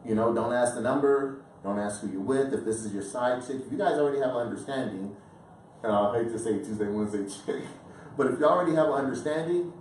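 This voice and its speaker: A man's voice: medium pitch, fast, a little mellow. Emphatic man in an echoey room. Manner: emphatic and opinionated, repeats himself. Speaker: podcast co-host. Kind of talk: casual chat. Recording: echoey room, distant mic, faint hiss.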